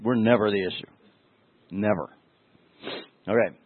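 Husky-voiced man preaching over a tinny line. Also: fairly low pitch, a little slow, no echo. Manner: emotional, storytelling, addresses listeners directly. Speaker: pastor. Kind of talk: conversational sermon. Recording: tinny, phone-like dry sound.

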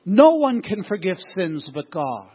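A man's voice: sits high, very animated, unhurried, husky. A man preaching a sermon as pastor, often throwing rhetorical questions at his congregation. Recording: tinny phone-like sound.

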